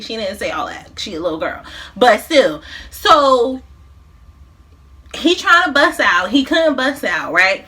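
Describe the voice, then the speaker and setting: A woman's voice: high voice, expressive, measured pace, sharp tone, a little hiss or hum. A woman in her thirties, a mukbang vlogger, casually recapping a movie plot while she eats, in a loose, profane, slangy way.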